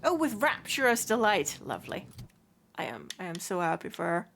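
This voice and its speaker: A woman's voice: on the low side, wildly swooping pitch, moderate pace, gravelly, fairly bright tone, slight background noise. A woman streaming a video game, chatting to herself and her pets, squealing and swearing as she plays. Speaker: let's play streamer. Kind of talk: casual gaming commentary.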